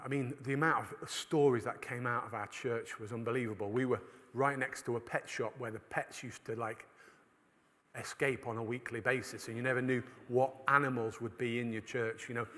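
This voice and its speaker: Man, preacher, storytelling conference talk, mid-pitched voice, long hall reverb. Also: fairly bright tone. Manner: storytelling, acts out voices of others. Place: church hall.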